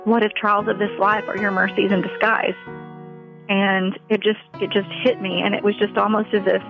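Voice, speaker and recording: Gravelly-voiced mother telling her story. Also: medium pitch, level tone, music in the background. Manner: earnest, halting, with many fillers. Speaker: interviewee, mother. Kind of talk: emotional personal interview. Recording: slightly muffled, dull audio.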